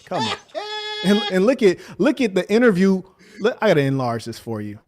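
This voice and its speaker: Animated joking man reacting to clips. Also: sits high, a little fast. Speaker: reaction streamer. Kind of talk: casual reaction commentary.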